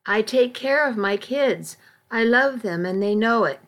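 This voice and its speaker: A woman's voice: a little high, animated, measured pace, a bit bright. A woman voicing a defensive, angry woman who drinks too much, in an audiobook, bitter and defiant. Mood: defiant, furious. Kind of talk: audiobook reading.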